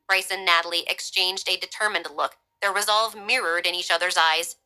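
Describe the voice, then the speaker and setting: Bright-voiced woman narrating a story. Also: on the low side, fairly even intonation, normal speed, poor audio.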